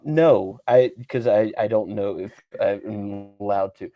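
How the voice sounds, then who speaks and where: A man's voice: on the low side, takes it slowly, muffled recording. A man guest in a casual group audio chat, joking around and getting flustered when teased.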